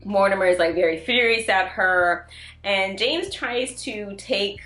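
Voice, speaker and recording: A woman casually recapping and reviewing TV episodes in an animated way, often acting out the characters' lines. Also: medium pitch, a little slow, echoey room, faint music behind. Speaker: TV review vlogger.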